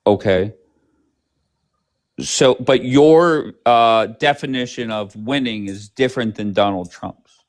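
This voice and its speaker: Pushy live-stream host, middle pitch. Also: male voice, takes it slowly. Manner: pressing, interrupting, asks for yes or no. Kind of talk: casual political debate.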